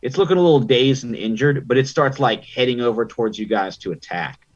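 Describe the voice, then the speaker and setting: Male game master, husky, easygoing narrator, muffled stream audio. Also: medium pitch, fairly quick, soft background music. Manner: chatty, many ums and likes. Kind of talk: narrating a tabletop game online.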